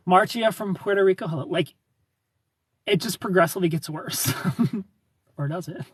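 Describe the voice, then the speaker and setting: A man's voice: fairly high pitch, breathy edge. A young man hosting a livestream, chatting casually and rambling animatedly while he reads viewer comments. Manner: animated, rambling with repeated phrases and laughs. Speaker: livestream host.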